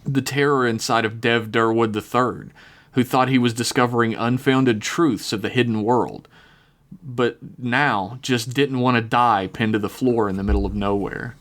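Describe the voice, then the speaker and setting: A man's voice: mid-range voice, steady tone, moderate pace, a bit bright. A man narrating a tabletop role-playing game in a dramatic style, swearing and laughing now and then. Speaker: game master.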